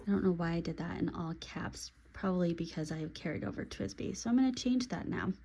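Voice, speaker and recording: Young woman, lowish voice, casual chatty vlogger talking as she writes. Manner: chatty and relaxed, with pauses while writing. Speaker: pen and planner video creator. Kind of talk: casual vlog talk while writing.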